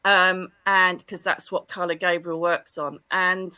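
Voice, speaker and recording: A middle-aged woman with an English accent recounts her experiences as an interview guest. Her voice is bright and pressing, pitched a little low, and she talks in a lively, expressive way. The sound is dry and close. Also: measured pace, clear, resonant tone, dry recording. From England. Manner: lively, expressive, acts out quoted dialogue. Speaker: psychic medium guest. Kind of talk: animated storytelling in an interview.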